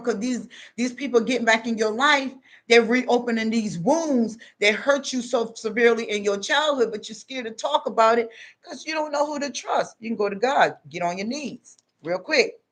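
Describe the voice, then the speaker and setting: A woman's voice: a little high, moderate pace, a bit bright. A middle-aged woman giving casual advice in a monologue, emphatic and repetitive, hammering her points home. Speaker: advice vlogger.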